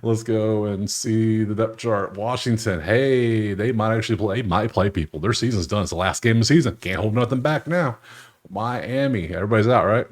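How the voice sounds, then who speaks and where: A man's voice: lowish voice, normal speed. A man hosting a sports betting channel, talking through games in a loose, joking way and chuckling often. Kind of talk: casual screen-share commentary.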